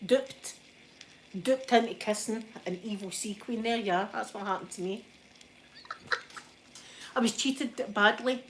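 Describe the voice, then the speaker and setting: A Scottish woman chatting in a soft ASMR style, telling stories with plenty of giggles. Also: fairly high pitch, slow, long pauses, slight background noise. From Scotland. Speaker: vlogger. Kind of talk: ASMR chat.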